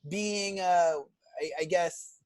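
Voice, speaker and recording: A man co-hosting a casual film podcast, talking in halting bursts full of "you know" and restarts. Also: high-pitched, fairly even intonation, darkish tone, clear, resonant tone, dry recording. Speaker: podcast co-host.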